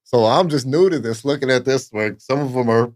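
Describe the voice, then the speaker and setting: He talks a little fast at medium pitch, captured in studio quality without room sound. The speaker, a nightclub promoter from Fresno, California, rambles profanely through long stories as a podcast guest, repeatedly saying "blah, blah, blah."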